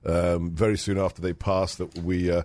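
A man raised in the UK, telling family stories in casual chat, animated and laughing. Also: deep voice, normal speed, no echo. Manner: animated, laughing, mimics voices in his stories.

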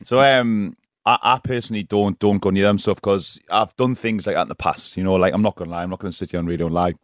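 A man's voice: low-pitched, quick pace, no room sound, studio quality. A man being interviewed as a guest on a radio show, frank and rambling, often laughing and asking "do you know what I mean". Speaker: guest, professional escort. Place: radio studio.

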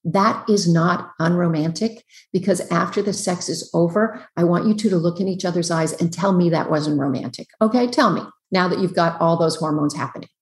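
Emphatic woman advising from a roomy echo. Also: on the low side. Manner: emphatic, explanatory, talks in quick lists. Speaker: relationship psychologist guest. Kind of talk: podcast interview giving advice. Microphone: computer on a video call.

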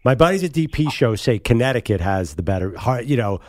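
A man's voice: medium pitch, big pitch swings, a little fast, dry recording, clean studio sound. A man co-hosting a radio show, asking questions and teasing in casual chat. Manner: joking, teasing. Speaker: radio co-host.

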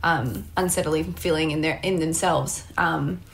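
Warm woman, low voice. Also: gravelly. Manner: warm, emotional and quick to laugh. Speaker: podcast host. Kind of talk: casual interview chat.

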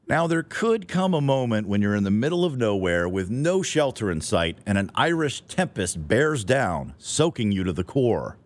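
A middle-aged man telling a scripted, wry, playful story as a podcast host. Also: on the low side.

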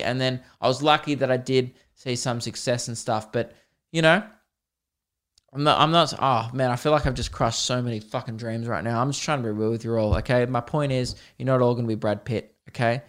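A man's voice: medium pitch, fairly even intonation, brisk, fairly bright tone. A man hosting a solo comedy podcast, rambling, swearing and self-deprecating. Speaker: podcast host.

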